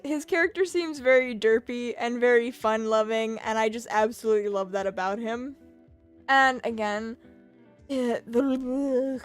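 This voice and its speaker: Young female vlogger, slightly high voice, giggly rambling bedroom chat. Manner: rambling, giggly, frequent fillers and restarts. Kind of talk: casual chatty commentary. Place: her bedroom.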